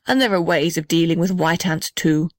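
Lady reading as a big old kindly tree, low-ish and hearty, dry sound. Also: normal speed, dry recording, lightly acted.

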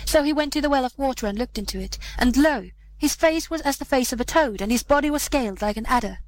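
A woman reading an old fairy tale aloud as narrator, with measured, old-fashioned storytelling. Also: high voice, expressive, low-quality recording.

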